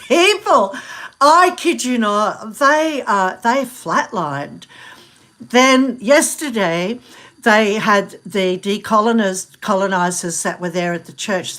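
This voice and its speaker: A middle-aged woman from Australia talks in a loose, rambling vlog chat, often stopping to restart a sentence and breaking into laughter. Her voice is bright and sharp-edged, sitting at an ordinary pitch for a woman. The delivery is animated and conversational. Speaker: vlogger. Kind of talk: casual chat.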